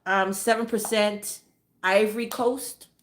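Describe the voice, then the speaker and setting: A woman vlogger talking casually, rambling and repeating herself, trailing off into low mutters. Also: fairly even intonation, takes it slowly. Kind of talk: casual monologue.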